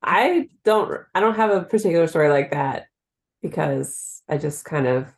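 A woman's voice: sits low, lively intonation, moderate pace. A woman co-hosting a podcast in casual chat, talking freely and laughing easily. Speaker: podcast co-host.

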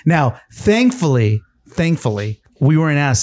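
A man's voice: a little high, lively intonation, a little fast, a little mellow. A man co-hosting a podcast, chatting casually and animatedly, acting out quoted voices. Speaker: podcast co-host.

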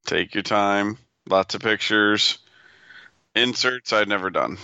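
A man's voice: fairly low pitch, slow, creaky, sharp tone, smooth, no room sound, muffled recording. A man co-hosting a casual podcast, giving dry, teasing short replies. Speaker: podcast co-host. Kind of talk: casual chat.

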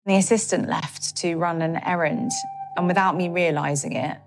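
A woman giving an emotional interview testimony, speaking in a halting way with many fillers. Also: lowish voice, steady tone, soft background music. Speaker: interviewee recounting a personal account.

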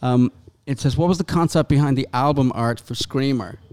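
A man's voice: mid-range voice, moderate pace, a little mellow, slight background noise. A man hosting a casual podcast, teasing the others and laughing easily. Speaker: podcast host. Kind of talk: casual chat.

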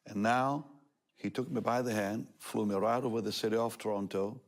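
An older man appears as a talk show guest and tells a personal testimony with animation, laughing often and acting out what others said. His pitch is fairly low and his pace moderate.

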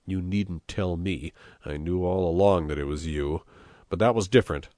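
A man's voice: low-pitched, normal speed, mellow, dry recording, clean studio sound, close to an everyday voice. A man reading an audiobook, voicing a blustering, hot-tempered male communist mayor who roars threats. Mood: grumbling. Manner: roaring, threatening.

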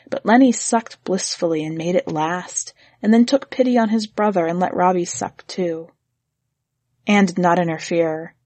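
Woman reading a story aloud, husky and breathy, dry close sound. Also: on the low side, dry recording. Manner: measured, gently expressive. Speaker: narrator.

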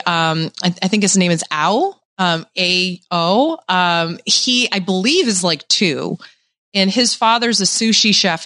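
A young adult woman chatting on a podcast, telling stories with lively acted-out quotes. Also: on the low side, no room sound, clean studio sound. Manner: animated storyteller, acting out quoted voices. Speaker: podcast co-host. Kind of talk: casual chat.

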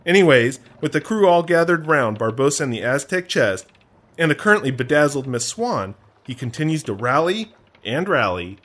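Male podcast co-host, high lively voice, rambling, self-deprecating casual chat.

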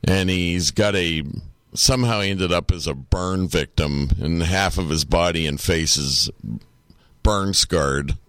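A man chatting casually as a podcast co-host. His voice sits very low and he takes his time, drawling through his points and swearing freely. The sound is dry and close. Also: unhurried, a bit bright, clean tone, no room sound. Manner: laid-back, swears freely. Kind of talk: casual chat.

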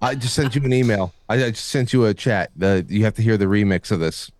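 A man's voice: lowish voice, fast talker, a little mellow. A man co-hosting a talk show in casual chat, stammering and restarting sentences often. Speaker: podcast co-host.

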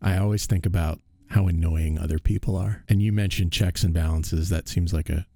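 A man's voice: sits low, fairly even intonation, brisk, creaky, dark tone, dry recording, clean studio sound. A man hosting a casual interview, curious and musing, laughing often. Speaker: host.

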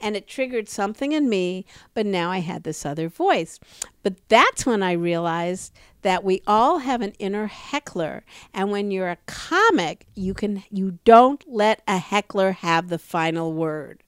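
A woman's voice: mid-range voice, animated, unhurried, clean tone, no echo, clean studio sound. A middle-aged woman, a comedian co-hosting a podcast, telling a personal story vividly in casual conversation. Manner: vivid storytelling, acts out quoted voices.

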